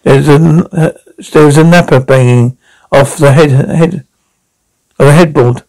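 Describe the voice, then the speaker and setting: A gravelly man with a slightly raised pitch, trading crude sitcom lines. His talk is brash and coarse, full of comic bluster. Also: normal speed, a little mellow, low-quality recording. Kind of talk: sitcom dialogue.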